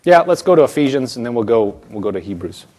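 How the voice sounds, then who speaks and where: A man's voice: medium pitch, lively intonation, quick pace, a little mellow. A man preaching a sermon as pastor, emphatic, often repeating phrases and restarting.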